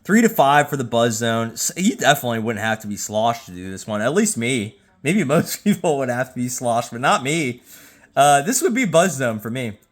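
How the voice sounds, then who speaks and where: A tipsy man talks loosely into his phone at home, repeating himself and tripping over words. His casual delivery now and then jumps into loud, excited outbursts. His voice sits at an ordinary middle pitch. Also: normal speed. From Jacksonville, Florida. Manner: rambling, stammering, with bursts of excited loudness. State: tipsy from drinking. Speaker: YouTube host. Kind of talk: casual rating commentary.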